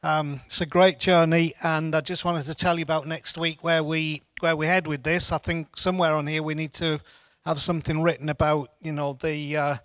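A man's voice: a little high, flat delivery, normal speed, fairly bright tone, no echo. A man giving an informal church Bible teaching in an earnest way, often repeating words as he restarts.

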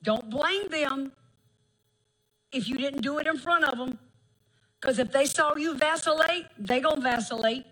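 A middle-aged woman preacher, delivering a folksy, emphatic sermon with drawn-out phrases and laughter. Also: high-pitched, fairly bright tone, poor audio.

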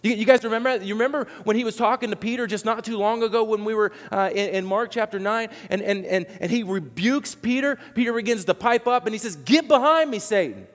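A man preaching a sermon to his congregation, animated and conversational, acting out what people said, with many restarts. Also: high voice, fast, few pauses, big-room sound. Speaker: pastor.

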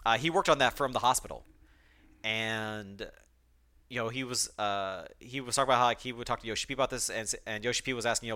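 A man's voice: mid-range voice, fast, pushed and bright. A young man hosting a solo podcast, talking emotionally with many fillers and restarts, choked up at times. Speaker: podcast host.

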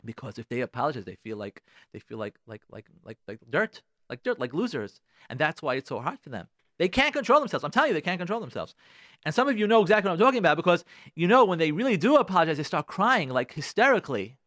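Man, radio host, emphatic advice, fairly high voice, dry close sound. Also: very animated, fast talker, a bit bright, no echo. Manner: insistent, repeats phrases, addresses listeners directly. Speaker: radio talk show host.

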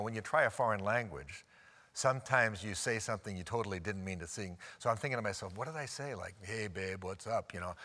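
A man's voice: on the low side, fairly bright tone. Preaching man in a reverberant hall. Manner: storytelling, slows down for emphasis. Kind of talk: sermon.

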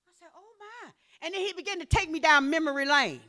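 Woman preacher, high voice, gets loud and fiery then quiet. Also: fast talker. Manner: impassioned, rising to shouts then dropping low.

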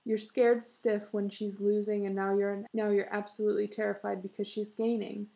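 A woman reading the part of a pushy, excitable bearded husband, talking in a boisterous, insistent way. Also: medium pitch, moderate pace, gravelly, close to an everyday voice. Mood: excited.

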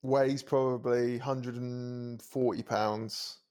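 Man, 30s, podcast co-host, lively storyteller, sweary, laughs a lot. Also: mid-range voice, takes it slowly. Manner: animated, swearing, acts out quoted voices, laughs often. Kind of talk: casual storytelling chat.

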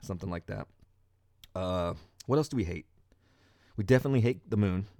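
Loud rambling man, low voice, dry mic. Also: a little fast, no room sound. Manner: loud, rambling, jokey and mock-grumpy. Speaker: podcast host. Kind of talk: casual comedic chat over music.

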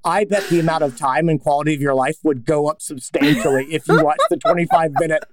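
A man's voice: a little high, fast talker, a crowd in the background. A man hosting a podcast, talking in a casual, emphatic way and building his points with asides and restarts. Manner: emphatic, animated; talks through ideas with frequent restarts and asides. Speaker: podcast host.

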